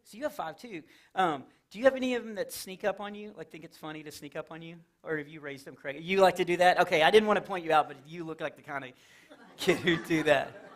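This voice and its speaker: A middle-aged man from Texas doing live Christian stand-up in a church, telling stories with lively acted-out quotes. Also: a little high, fast talker. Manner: animated storytelling with acted-out quotes and laughs. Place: church hall with a live audience.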